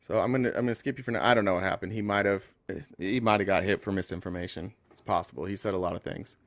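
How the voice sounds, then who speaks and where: Live-stream host, male, blunt, close dry sound, mid pitch. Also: fairly even intonation, very fast, dry recording. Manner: blunt, talks to callers directly. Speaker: livestream host. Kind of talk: casual live stream chat.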